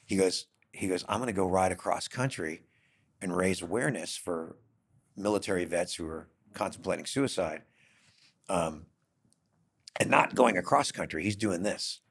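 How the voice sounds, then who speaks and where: A middle-aged man with a low, gravelly voice tells a story on a podcast. He talks casually and acts out each line of dialogue with lively energy. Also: normal speed. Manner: animated, acts out dialogue in quotes. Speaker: podcast host. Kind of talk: conversational storytelling.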